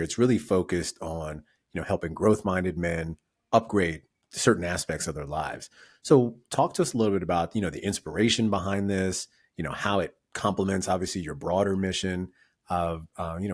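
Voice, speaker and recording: A male podcast host with a very deep voice and a husky edge to it. He asks his questions in an encouraging way and backs his guest up with short affirmations. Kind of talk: podcast interview.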